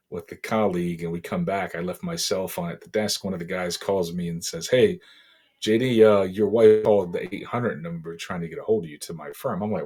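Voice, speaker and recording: Husky low-voiced man telling a grief story. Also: a little mellow. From Boston. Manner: halting, emotional retelling with many fillers. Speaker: interview guest. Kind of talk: personal storytelling in a podcast interview.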